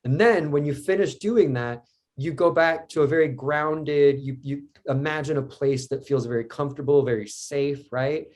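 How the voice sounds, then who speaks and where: A man's voice: fairly high pitch, normal speed, darkish tone. A man as a podcast guest, speaking candidly and reflectively in casual conversation.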